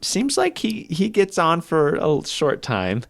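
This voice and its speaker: A man co-hosting a podcast, telling a history story in a casual, animated way and often laughing. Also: fairly high pitch, slow, vocal fry, dry recording. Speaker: podcast co-host.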